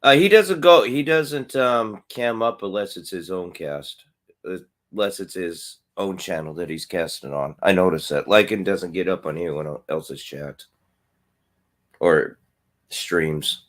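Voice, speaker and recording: A man's voice: low voice, measured pace. A man in casual livestream chat who explains things patiently, with lots of ums and uhs. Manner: explains patiently, hedging with fillers.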